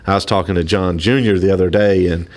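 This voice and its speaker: A man as a guest on a radio talk show, talking casually and haltingly, often repeating words as he goes. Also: low voice, fairly even intonation. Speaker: studio guest promoting a local event.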